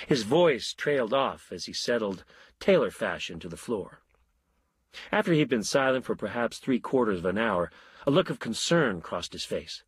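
A man narrating a story in a wry, measured way. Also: on the low side, big pitch swings, husky, no echo.

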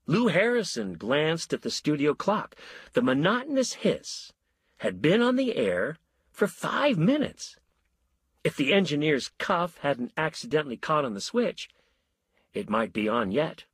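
Husky male storyteller, lively inflection. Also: a little high, no echo. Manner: wry, measured storytelling. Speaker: narrator. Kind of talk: audiobook narration of a short story.

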